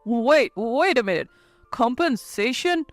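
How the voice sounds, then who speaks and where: A woman's voice: on the high side, expressive, a little slow, no echo, soft background music. Woman voicing a whiny selfish ex-husband. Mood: alarmed. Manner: whiny, pleading. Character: whiny selfish ex-husband, male company president. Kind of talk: storybook narration.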